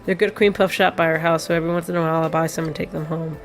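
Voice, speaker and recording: A woman reading aloud the lines of a quiet, grieving teenage boy from a video game, in her own plain voice. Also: deep voice, steady tone, racing, faint music behind. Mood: wistful.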